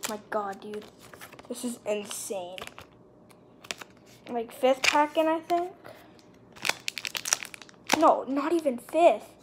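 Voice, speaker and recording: A woman vlogging a trading card unboxing, gushing with excitement as she lists her pulls. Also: a little high, slow, long pauses, very noisy. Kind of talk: casual unboxing commentary. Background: card and wrapper crinkling.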